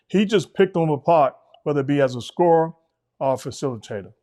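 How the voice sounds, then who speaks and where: A middle-aged man calmly breaking down basketball plays as co-host of a sports talk show. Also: fairly high pitch. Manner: measured, coach-like breakdowns. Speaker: podcast co-host, basketball analyst.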